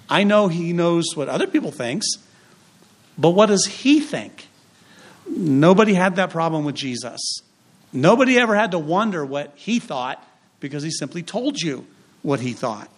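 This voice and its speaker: A male pastor preaching a sermon, emphatic and punchy, with dramatic pauses, repetition and acted-out quotes. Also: high-pitched, lively intonation.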